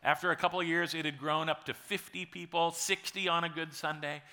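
A man in his forties, a pastor preaching a sermon in a conversational storytelling way, with dramatic pauses. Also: a little high, steady tone, bright, forceful tone.

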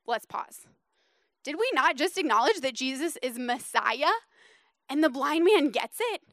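High-voiced woman preaching animatedly. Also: a little slow, no room sound, clean studio sound. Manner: animated, conversational, drops to hushed emphasis. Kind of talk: sermon.

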